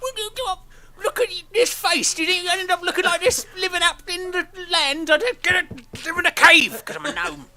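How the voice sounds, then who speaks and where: A man's voice: very high-pitched, animated, moderate pace, sharp tone, voice pushed up, heavily acted. A man playing a bumbling character posing as a boastful gnome in a tabletop game, blustering and laughing through his words.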